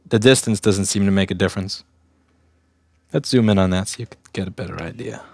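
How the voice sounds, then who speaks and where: A man's voice: deep voice, fairly quick, vocal fry, slightly rough, no echo. A young adult man from Staten Island, a repair technician casually talking through a bench test on a livestream, thinking aloud, restarting sentences and speaking bluntly. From Staten Island, New York.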